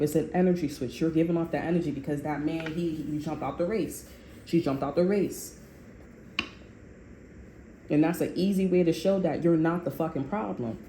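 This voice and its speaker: A woman with a low voice gives a casual tarot reading monologue in an echoey room with faint ambient noise. She's blunt and profane, telling things in an animated, story-driven way.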